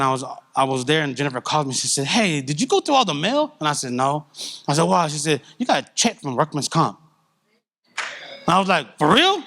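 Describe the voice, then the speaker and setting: Middle-aged man, slightly high voice, candid and animated church testimony. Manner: candid, conversational, animated storytelling. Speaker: church speaker giving testimony.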